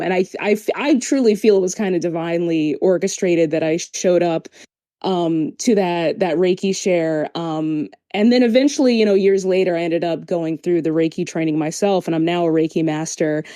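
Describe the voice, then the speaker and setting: A woman's voice: fairly low pitch, mellow, no echo. A woman guest on a podcast, telling a personal story in casual chat, acting out the voices of others and swearing now and then.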